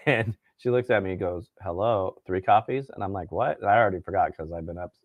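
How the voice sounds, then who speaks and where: A man's voice: low voice, fairly quick, no echo, lo-fi sound. A man chatting casually on a live cooking stream, enthusiastic and a bit tired from staying up late. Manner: enthusiastic, chatty, storytelling with voices.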